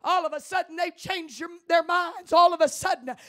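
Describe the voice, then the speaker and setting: A woman pastor, preaching a sermon in church with impassioned, rising delivery that builds to shouts. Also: extremely high pitch, normal speed.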